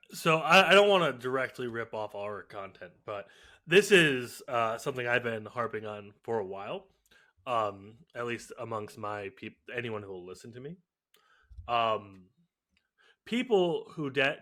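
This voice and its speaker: A young man co-hosting a podcast, talking in loose, rambling chat full of ums and quick laughs. His voice is bright and a bit tense, with a middling pitch. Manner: rambling, filler-heavy, laughs often. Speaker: podcast co-host.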